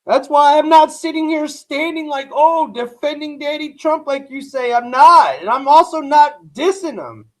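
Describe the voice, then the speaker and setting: A man's voice: very high-pitched, expressive, moderate pace, hardly any pauses. A man hosting a live stream, talking casually and bluntly to his chat in rambling, profane rants. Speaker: livestream host reacting to news.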